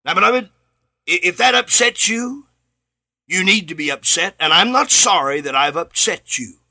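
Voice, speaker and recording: Middle-aged preacher guy, high voice all over the place, bright and forceful, shouts then drops real low. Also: lively intonation, normal speed. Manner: impassioned, rising to shouts then dropping low; repeats phrases for emphasis. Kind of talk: sermon.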